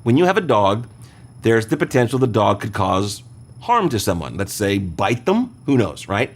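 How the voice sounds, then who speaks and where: A man's voice: on the low side, sing-song, moderate pace. A man hosting an insurance show, answering listener questions in a conversational, explanatory way and often checking in with the listener.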